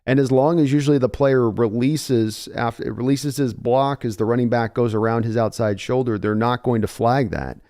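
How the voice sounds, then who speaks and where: A man's voice: mid-range voice, normal speed, hardly any pauses, dark tone. A man giving fan play-by-play commentary on a live game, talking conversationally with his early morning voice and climbing in energy when a big play breaks. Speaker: live reaction host.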